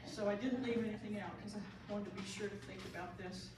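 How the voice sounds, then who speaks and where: A woman's voice: medium pitch, steady tone, brisk. Earnest woman speaker in an echoey room. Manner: earnest, repeats key phrases for emphasis. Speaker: end of life doula and pastor giving a talk. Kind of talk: conference talk to a live audience. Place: large room, speaking to an audience. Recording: very echoey room audio from far off, light hiss.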